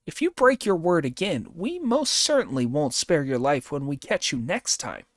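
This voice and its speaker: A man's voice: fairly high pitch, big pitch swings, normal speed, dry recording, studio quality, voice pushed up. A man playing a brash, bossy monkey hero. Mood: stern. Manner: bossy, commanding. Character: brash quick-tempered male monkey hero.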